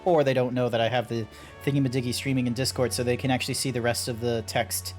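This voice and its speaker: A man streaming a game and chatting with friends in easygoing, rambling talk. He swears casually and laughs easily, and his voice sits at an ordinary middle pitch. Faint music plays underneath. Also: level tone, quick pace. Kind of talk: casual chat while gaming.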